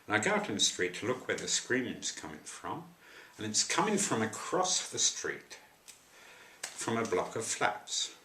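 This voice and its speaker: A low-voiced man recounts a personal story to camera a little slowly, wandering off into dry, wry remarks. He's very animated, with a bright, forceful tone despite the depth, while his voice echoes around the room over a little hiss or hum.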